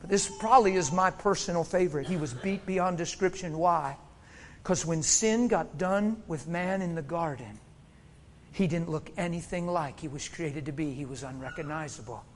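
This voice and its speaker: High-voiced man preaching a passionate sermon. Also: moderate pace, slight background noise. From Pennsylvania. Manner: swings from shouting to hushed near-whispers; laughs often while preaching.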